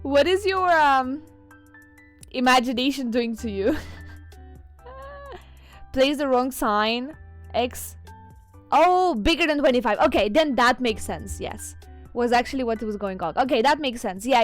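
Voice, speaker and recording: A woman with a non-native English accent chats casually on a stream, answering her viewers. Her fairly high voice often breaks into giggles. Faint music plays behind her. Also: animated, measured pace, pauses often. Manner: giggly, chatty, reads chat aloud.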